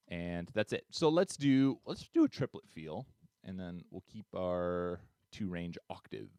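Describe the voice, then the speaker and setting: A man teaching a music tutorial, upbeat and chatty, counting beats out loud as he demonstrates. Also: deep voice, lively intonation, moderate pace, clean tone, no echo. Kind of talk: screen-share tutorial.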